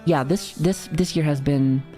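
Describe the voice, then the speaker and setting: A woman's voice: low voice, a little slow, dark tone, faint music behind. Profane, joking woman streamer in her thirties. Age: 30s. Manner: profane, joking, chatty with frequent laughs. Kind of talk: casual live-stream chat.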